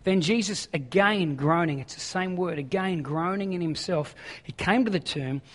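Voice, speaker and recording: A man's voice: sits high, normal speed. A man preaching a sermon who reads scripture aloud and then paraphrases it in an urgent, conversational way. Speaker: pastor. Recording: long hall reverb.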